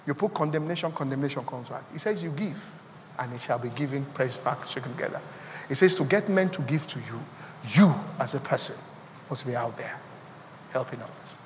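A man with a Nigerian accent preaching a sermon as pastor, swinging from quiet asides to loud, rising exclamations. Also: medium pitch, expressive, a little fast, in a large hall, slight background noise. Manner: preaching with sudden loud rises and quiet drops.

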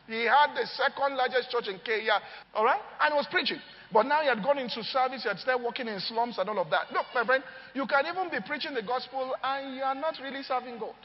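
Pastor guy preaching, animated stories, keeps asking if you're following, kinda dull lo-fi sound. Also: very high-pitched, quick pace. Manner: animated storytelling, often asks the crowd if they follow. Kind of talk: sermon. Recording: long hall reverb, dull lo-fi sound.

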